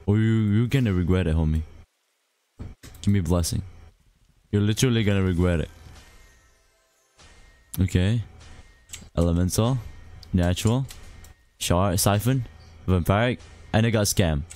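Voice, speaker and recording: Exasperated low-voiced gamer guy. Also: measured pace, long pauses, darkish tone, soft background music. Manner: exasperated, repeats complaints, says bro a lot. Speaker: gaming YouTuber. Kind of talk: casual gameplay commentary.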